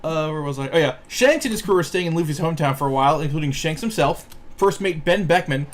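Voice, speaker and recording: Higher-voiced man listing voice credits. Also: animated, quick pace. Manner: reads voice-actor credit lists, swears freely. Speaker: podcast co-host. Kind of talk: casual podcast chat.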